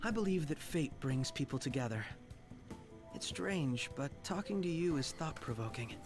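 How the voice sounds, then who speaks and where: A man voicing a polite young male detective, reading his lines in a smooth, measured, courteous way over soft game music. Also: a little high, lively intonation.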